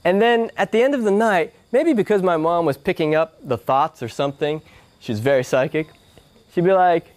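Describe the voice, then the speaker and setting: A spiritual speaker in a yoga hall shares a personal story, animatedly acting out the voices of his family members. His voice is a little high and he keeps a moderate pace.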